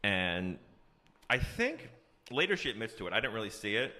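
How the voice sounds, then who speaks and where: A man's voice: fairly low pitch, sing-song, pushed and bright. A man casually recapping a bad movie for laughs, sarcastic, slipping into the characters' lines. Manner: sarcastic, acts out characters' lines in quick voices. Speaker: podcast host.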